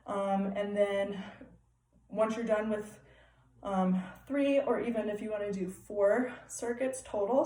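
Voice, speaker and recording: A woman's voice: mid-range voice, warm tone, recorded from a distance. A young woman leading a home exercise class in an upbeat, encouraging way, often checking in with the class. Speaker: fitness class instructor. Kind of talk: live-style home workout instruction. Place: room at home. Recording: echoey room, off-mic, faint background hiss.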